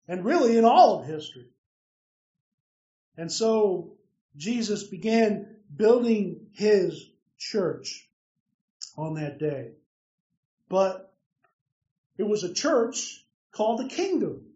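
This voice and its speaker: A man's voice: high-pitched, warm tone. A man preaching a sermon, emphatic, putting questions to his listeners and answering them himself. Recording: roomy, distant, dull lo-fi sound.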